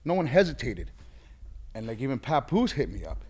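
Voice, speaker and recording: A man's voice: medium pitch, moderate pace, breathy edge. A man, a guest DJ telling stories in a casual interview and acting out what others said. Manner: animated storyteller, acts out quoted voices.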